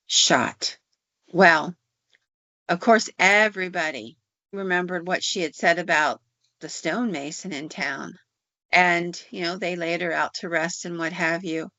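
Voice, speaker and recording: A woman hosting a podcast who tells folk tales in a folksy, conversational way. Her voice is low and gravelly. The recording sounds dry and a bit dull. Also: fairly bright tone, no echo. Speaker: podcast host. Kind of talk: folklore storytelling. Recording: dull lo-fi audio.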